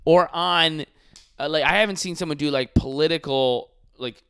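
A man in casual podcast chat, ranting with animated profanity. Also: fairly high pitch, normal speed, smooth.

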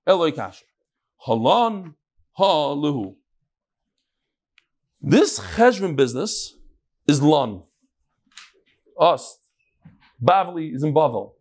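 A man's voice: slow, long pauses, breathy edge. A man teaching a daily Talmud class, asking questions aloud and mixing untranslated Aramaic and Hebrew terms into his English. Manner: animated, leaps between loud questions and low asides.

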